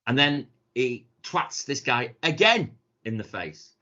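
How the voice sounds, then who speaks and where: A man chats as a podcast co-host, spinning sweary anecdotes and slipping into the voices of the people in them. His voice sits at a middling pitch. The recording is muffled and lo-fi. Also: sing-song, slow pace, bright, forceful tone. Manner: sweary storytelling, mimics quoted people. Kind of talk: casual chat. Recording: dull lo-fi sound.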